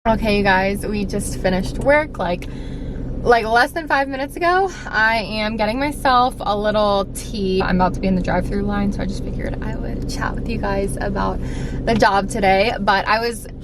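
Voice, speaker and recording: A young woman vlogging casually to camera, chatty and a bit rushed, with lots of fillers. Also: medium pitch, noisy background. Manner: hushed and quiet. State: sniffly with allergies. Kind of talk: casual vlog chat to camera.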